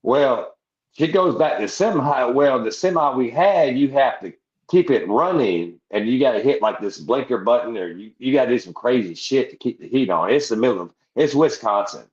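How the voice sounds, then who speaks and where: A man's voice: medium pitch, lively intonation, moderate pace, darkish tone. A man, a veteran guest on a podcast, telling a long rowdy anecdote with lots of swearing and laughing asides. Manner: profane, rambling anecdote with laughs. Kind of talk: casual storytelling. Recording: roomy, slightly dull sound.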